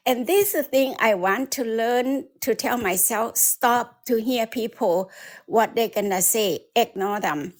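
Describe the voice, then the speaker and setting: Higher-voiced woman in halting English. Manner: halting non-native English, laughs easily. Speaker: caller. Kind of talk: casual chat.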